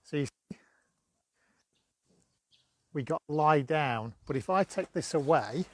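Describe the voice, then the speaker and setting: Chatty dog trainer, higher man's voice. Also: lively intonation, slow. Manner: chatty, coaxing, bursts of high praise to the dog. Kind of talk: live-streamed training demo.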